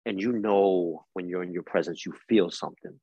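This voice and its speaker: A husky, low-voiced man in his forties with a New York accent speaks in a podcast interview. He tells his story emphatically, in a street-wise way, as a coach giving life lessons. The recording is dull and lo-fi, with a dry, close sound. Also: moderate pace, dark tone, no echo. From East New York, Brooklyn. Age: 40s. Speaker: guest, coach.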